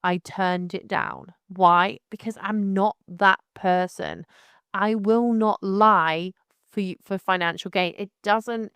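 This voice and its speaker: A middle-aged woman from Devon and Somerset with a light West Country accent, hosting a casual solo podcast in a frank, animated way and calling the listener darling. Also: mid-range voice, slow pace, clean tone, no echo. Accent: light West Country English. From Devon and Somerset, England. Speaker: podcast host.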